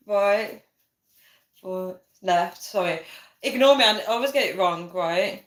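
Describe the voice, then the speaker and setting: A woman's voice: medium pitch, slow pace, pauses often. A young woman, hosting a casual livestream and chatting, giggling and reading viewer comments aloud. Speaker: livestream host. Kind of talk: casual live chat. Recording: echoey room.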